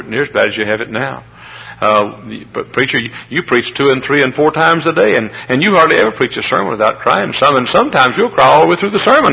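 A man preaching a sermon to a congregation, building from plain talk up to high, emotional cries. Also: creaky, lo-fi sound. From Midwestern United States. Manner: emotional, rises to high pitched shouts. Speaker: traveling preacher.

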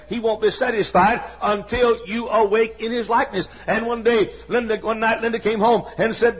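Middle-aged male preacher, high husky voice, folksy and emphatic, sermon in a church. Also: normal speed, muffled recording. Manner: folksy storytelling with sudden shouts. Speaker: pastor. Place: church sanctuary.

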